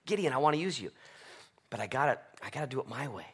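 God as a loving, resolute voice, bright and forceful, rising to loud, ringing declarations, as a preacher acts out His words in a sermon. Earnest and sure. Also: mid-range voice, sing-song, quick pace, breathy edge, pitched above the performer's own voice, full character voice. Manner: earnest, swelling to loud proclamation. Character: God speaking, a loving, determined divine voice.

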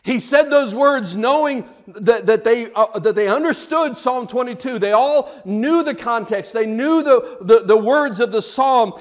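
Man, sermon, high-pitched, dramatic, repeats words, shifts loud to soft. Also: unhurried, hardly any pauses. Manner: dramatic, swings from loud cries to hushed tones. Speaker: preacher.

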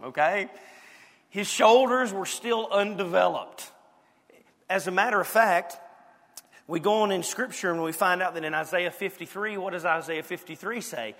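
Bright-voiced Southern preacher in a hall. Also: male voice, high voice. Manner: lively, playful preaching with sudden drops to quiet. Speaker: pastor. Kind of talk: sermon.

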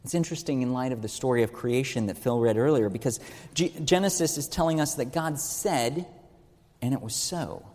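A man's voice: mid-range voice, a little fast, darkish tone, in a large hall. A man giving an earnest teaching sermon, stressing key words and asking rhetorical questions. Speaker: preacher.

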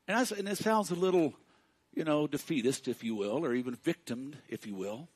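A man preaching a sermon to his congregation, speaking directly to them and swinging between hushed and loud passages. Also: on the high side, brisk, breathy edge. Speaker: pastor.

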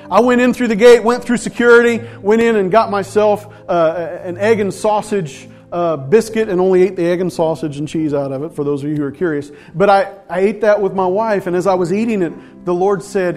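A man preaching a sermon, telling a story with animated swings from loud outbursts to hushed asides. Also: high-pitched, fairly quick, faint music behind. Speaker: pastor.

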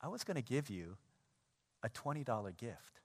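A man preaching a sermon as a pastor, animated and conversational, acting out everyday scenes. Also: medium pitch, normal speed, slightly rough. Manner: animated, acts out everyday scenes in quoted voices. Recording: long church hall reverb.

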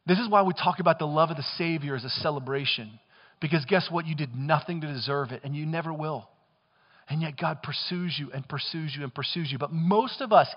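High-voiced male pastor preaching in a hall. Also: muffled recording. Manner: impassioned, swings between loud and hushed. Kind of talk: sermon.

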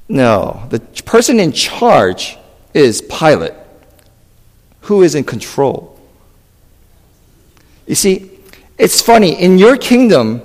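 A male pastor delivers a lively sermon, his pitch leaping around as he acts out the people in the story. He calls out questions to the congregation, and his voice rings with the long reverb of a church hall.

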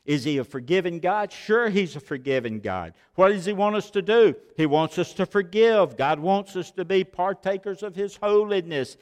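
A fairly high-voiced male pastor preaches to his congregation, rising to loud exhortation and then dropping to hushed asides. He fires off rhetorical questions, and his voice rings out with the long reverb of a large sanctuary. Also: lively intonation, moderate pace. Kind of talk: sermon.

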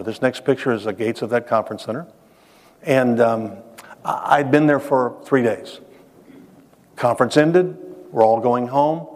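A man preaching to his congregation in a church, mixing scripture with a personal story, asking the listeners questions and repeating words as he builds to his points. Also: mid-range voice. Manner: conversational, addresses the congregation directly with questions; restarts phrases, dramatic pauses. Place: church sanctuary. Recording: reverberant hall sound.

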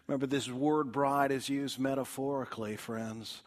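A man preaching a sermon, calling his listeners friends and swinging between loud emphatic lines and soft, quiet drops. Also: medium pitch, steady tone, normal speed. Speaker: pastor.

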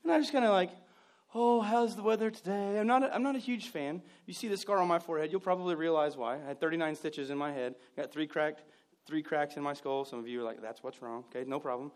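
A man preaching a sermon, joking with the congregation and acting out scenes, swinging from loud outbursts to hushed asides. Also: a little high, quick pace. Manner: animated and joking, acts out scenes. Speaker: pastor.

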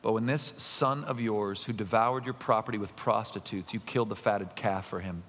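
A man preaching a sermon, emphatic, with loud excited bursts and quiet earnest asides. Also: on the low side, moderate pace. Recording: long reverb of a large hall.

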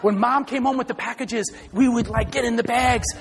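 A male pastor preaching a lively sermon, often shouting and joking with the congregation. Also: very high voice, moderate pace, gravelly.

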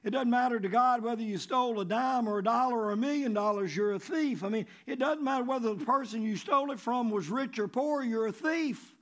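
A man preaching a sermon in a conversational way, repeating key phrases and dropping low before rising for emphasis. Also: brisk, hardly any pauses. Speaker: pastor.

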